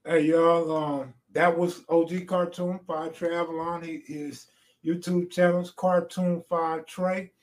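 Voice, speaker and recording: A man hosting a livestream, closing the show with relaxed, brief casual talk. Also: fairly high pitch, unhurried. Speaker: livestream host.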